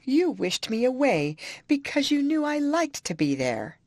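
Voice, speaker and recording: A woman's voice: mid-range voice, sing-song, unhurried, no echo, voice pushed up. A woman reading an audiobook, voicing a jealous young woman in love who pleads, sobs and grows indignant. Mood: pleading.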